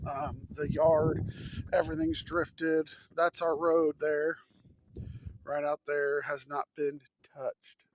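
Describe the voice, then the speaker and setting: A man vlogging outdoors in deep snow on a phone camera, cold and out of breath, talking to his viewers as folks in a folksy way. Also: lively intonation, slow pace. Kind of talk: casual outdoor vlog.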